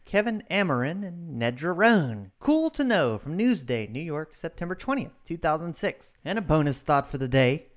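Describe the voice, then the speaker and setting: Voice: mid-range voice, big pitch swings, normal speed, few pauses. A radio host reading short items in a scripted segment, with dry, wry asides between them.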